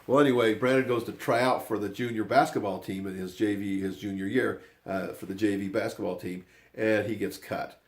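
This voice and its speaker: A man's voice: lowish voice, steady tone, brisk, hardly any pauses. An older man, a grandfather, telling a family story in a rambling, casual way, often circling back with "anyway".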